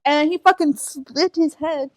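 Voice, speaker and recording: A young woman co-hosting a casual podcast, telling an animated story full of swearing and acted-out quotes. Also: high-pitched, measured pace. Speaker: podcast co-host.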